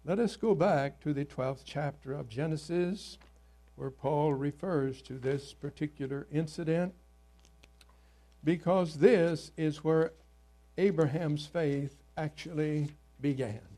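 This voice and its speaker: High-voiced man preaching a slow sermon. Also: dark tone. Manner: earnest preaching with scripture readings, occasional halting restarts.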